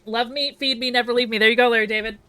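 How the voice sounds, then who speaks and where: A woman's voice: fairly high pitch, steady tone, very fast, bright, forceful tone, clear, resonant tone, no echo. A young Southern woman live-streaming a building game, chatting with viewers and muttering her thoughts aloud, sleepy and giggly. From American South. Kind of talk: casual live-stream chat while building.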